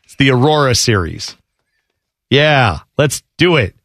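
A man's voice: medium pitch, unhurried, no room sound, clean studio sound. A man co-hosting a casual sports talk show, joking and riffing playfully. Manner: playful, riffs and jokes, lively ups and downs. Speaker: co-host.

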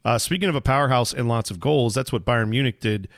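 A man's voice: medium pitch, quick pace, no echo. Laid-back guy on a podcast, medium voice, dry close mic, jokey soccer talk. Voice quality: easygoing, joking, trails off and restarts. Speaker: podcast co-host. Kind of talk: casual sports chat.

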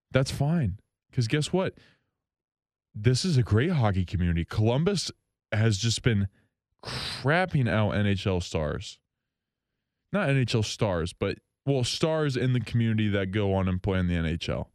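A man hosting a solo hockey talk show from a station studio, rambling, excitable and jokingly bitter. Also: on the low side, dry recording. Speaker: hockey podcast host.

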